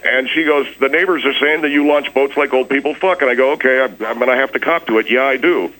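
A man's voice: medium pitch, fast talker, bright, forceful tone, natural voice, rough recording. A man playing a hapless, defensive small-town guy who rambles through his story in a radio comedy bit. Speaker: recurring comedy character on a radio show.

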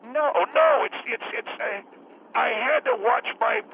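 A man's voice: extremely high pitch, wildly swooping pitch, slow pace, full character voice. A man playing a cranky, phlegmy old grandpa on the phone. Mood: grumbling. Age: older. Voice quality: throat-clearing, phlegmy. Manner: rambling, combative, loses his words. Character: cranky old grandpa, retired courtroom lawyer. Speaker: radio caller. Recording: tinny phone line with faint hiss.

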